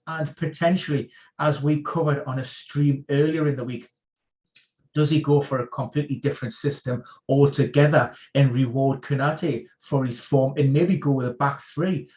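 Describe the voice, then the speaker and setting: A man acting as an injury expert, running through football team news on a live stream in a quick, informed rundown. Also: on the high side, darkish tone, lo-fi sound. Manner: informed, rapid-fire rundown of player news. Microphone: video call.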